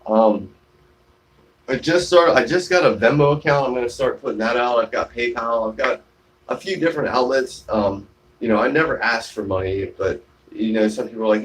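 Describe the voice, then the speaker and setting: A man's voice: mid-range voice, normal speed. A man live-streaming from his shaded porch, chatting casually and reading out viewer comments, rambling with many fillers and restarts. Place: outdoors on a shaded home porch.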